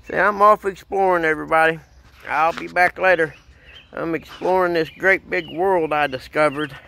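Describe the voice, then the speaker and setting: A man's voice: on the high side, fairly even intonation, normal speed, vocal fry, bright, forceful tone, slight background noise, low-quality recording. A man voicing an eager little puppy. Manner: cheerful, eager narration of the dog's thoughts. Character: small excited male puppy exploring yard.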